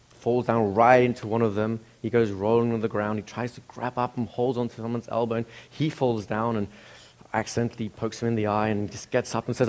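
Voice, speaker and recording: Low-voiced man telling a story casually. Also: darkish tone. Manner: conversational, with restarts and asides to the listener.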